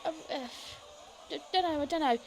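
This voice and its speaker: A woman voicing a jittery young male informant who stammers in a high, panicky voice. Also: brisk. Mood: stammering.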